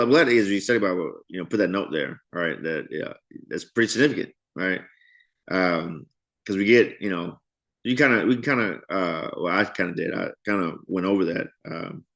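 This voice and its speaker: A man teaches a Bible study in a loose, conversational way. He reads study notes aloud, then breaks into lively asides that act out the characters. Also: low voice, vocal fry. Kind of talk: casual Bible study commentary.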